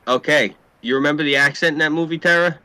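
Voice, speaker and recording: A man's voice: fairly high pitch, fast, pushed and bright, clean tone, dry recording. A man with a New York accent, casually telling rambling, profane stories as a podcast host. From New York City area. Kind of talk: casual storytelling chat.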